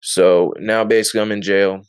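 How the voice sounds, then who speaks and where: A man being interviewed recounts his story at a normal speed, his lowish voice smooth and steady. It's a casual testimony, rambling and full of fillers, with him laughing often; the sound is dry and studio-clean.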